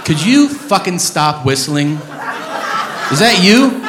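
A man's voice: sits high, slow pace. A man doing a stand-up set in a club, telling a story with lots of swearing. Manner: profane, animated storytelling. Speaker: stand-up comedian. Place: comedy club stage. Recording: echoey room with crowd noise. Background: audience laughter.

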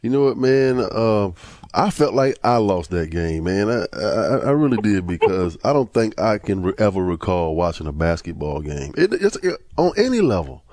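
A man talking sports casually in a lowish voice, incredulous and stammering, jumping up in pitch when something amazes him. The recording is dry and close. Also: sing-song, moderate pace, a little mellow, no echo. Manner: incredulous, stammering restarts, rises sharply when stressing points. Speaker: podcast co-host.

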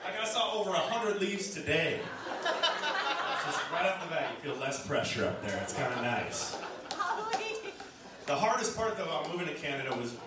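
A man's voice: fairly high pitch, sing-song, moderate pace, pauses often. A man performing a stand-up comedy set, rambling and laid-back, full of filler words. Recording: distant, echoey club recording with loud noise.

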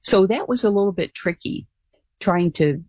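An older woman being interviewed as a guest, telling her story in an earnest, animated way with frequent restarts. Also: medium pitch, normal speed, no room sound. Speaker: guest, former pilot.

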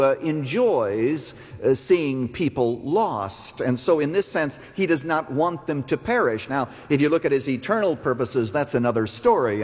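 A man's voice: mid-range voice, darkish tone, husky. An older man preaching a sermon from the pulpit, emphatic and challenging his listeners, recorded in a large church. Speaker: pastor. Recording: long church reverb.

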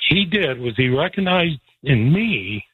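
A man's voice: on the high side, sing-song, measured pace, husky, dry recording. A man telling a folksy story with frequent chuckles, emotional as he speaks. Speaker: guest. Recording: tinny phone line.

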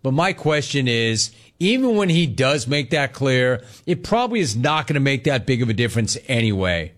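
A man hosting a sports talk show, riffing through opinionated commentary. His pitch swings widely as he slips into mocking impressions, and he laughs often. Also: a bit bright.

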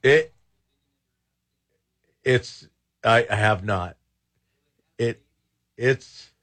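A man's voice: medium pitch, very slow, long pauses, fairly bright tone. A man hosting a talk radio show, rambling and exasperated, with many false starts. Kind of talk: casual talk radio commentary.

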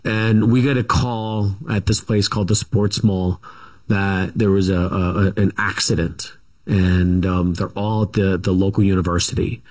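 A man's voice: sits low, flat delivery, a little slow, a little mellow. A middle-aged man, a guest author in an interview, recounts his family history casually, with many fillers, restarts and self-corrections.

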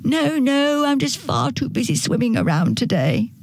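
A woman's voice: sits high, big pitch swings, normal speed, darkish tone, dry recording, voice pushed up, heavily acted. A woman voicing a carefree duck who breezily refuses to help, in a storybook reading. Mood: breezy.

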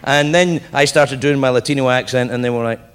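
A man doing stand-up storytelling in front of a live audience, profane and animated, acting out the other people in his stories. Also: medium pitch, fairly quick. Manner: profane, animated, acts out voices. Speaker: stand-up comedian. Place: live comedy venue with audience. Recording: echoey live room with crowd and noise.

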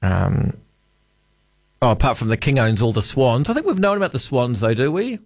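A man's voice: medium pitch, animated, normal speed, no room sound, studio quality. A man hosting a talkback radio show, chatting casually with callers and musing aloud between calls.

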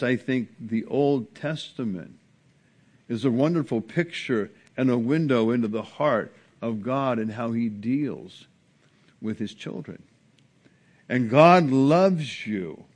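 Earnest male pastor preaching a sermon. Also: fairly low pitch. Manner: earnest preaching with strong rises and hushed drops. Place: church sanctuary.

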